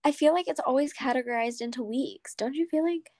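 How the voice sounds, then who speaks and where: A young woman co-hosting a podcast in casual chat, teasing, apologetic and quick to laugh. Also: high-pitched, darkish tone, dry recording, studio quality. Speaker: podcast co-host.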